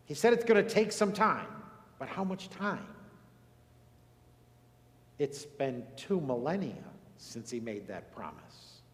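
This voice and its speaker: A male pastor preaching a sermon earnestly, moving between emphatic lines and hushed, solemn ones. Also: a little high, very animated, slow pace, pauses often. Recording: echoey hall with long reverb.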